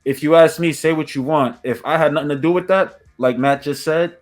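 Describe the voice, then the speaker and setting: A man's voice: fairly high pitch, brisk, soft background music. A man hosting a podcast, talking in an earnest, reflective way and often humming in agreement. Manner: earnest, reflective, frequent affirming hums. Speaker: podcast host. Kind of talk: casual podcast conversation.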